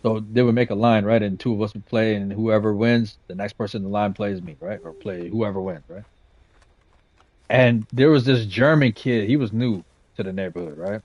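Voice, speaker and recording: A man's voice: fairly low pitch, moderate pace, darkish tone, dry recording, dull audio. A man, chatting casually while he plays. He talks in laid-back, profane street slang and keeps checking in with "you know what I'm saying" and "right?". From west side of San Jose, California. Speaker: gaming streamer. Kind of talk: casual storytelling chat.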